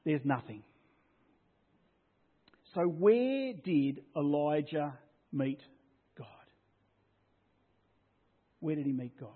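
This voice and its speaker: A man preaching a sermon as pastor, swinging from loud declarations down to a hushed near-whisper. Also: a little high, expressive, drawn-out words, long pauses. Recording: tinny phone-like sound.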